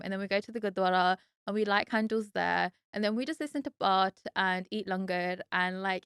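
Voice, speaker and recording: A woman's voice: medium pitch, a bit bright, clean tone, no echo, clean studio sound. A young British woman from the UK hosting a casual solo podcast, chatty and heartfelt, often saying "like". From United Kingdom. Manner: chatty and heartfelt, lots of "like" fillers. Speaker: podcast host.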